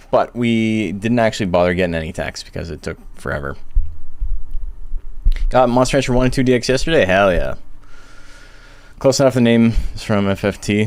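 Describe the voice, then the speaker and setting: Deep-voiced streamer guy with the hiccups, rambly and joking at himself, dry close sound. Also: no room sound. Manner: chatty, rambling, self-deprecating. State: has hiccups. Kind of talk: casual live-stream chat.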